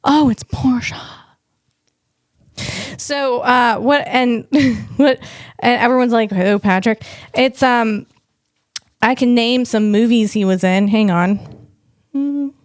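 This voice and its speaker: A woman's voice: a little high, slow pace, dry recording, studio quality. A woman comedian hosting a tech show, riffing in a loose, rambling monologue full of playful asides. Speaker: comedian host.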